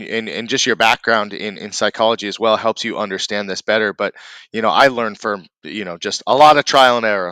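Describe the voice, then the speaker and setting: Bright, smooth-voiced podcast host. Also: male voice, medium pitch, no echo. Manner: reflective, agreeable, builds on the guest's points. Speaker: podcast host, martial arts instructor. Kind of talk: conversational interview.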